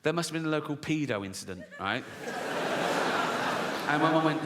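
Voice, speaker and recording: A man's voice: on the high side, lively intonation, fairly quick, pauses often. A man doing a stand-up routine, blunt and crude, mocking as he tells stories. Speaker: stand-up comedian. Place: live comedy stage. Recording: noisy live venue.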